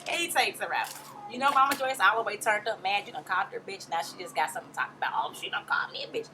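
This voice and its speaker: A woman's voice: medium pitch, lively intonation, racing, noisy background. A woman vlogger recapping a TV show in a blunt, slangy, gossipy way, often laughing. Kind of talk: casual chat.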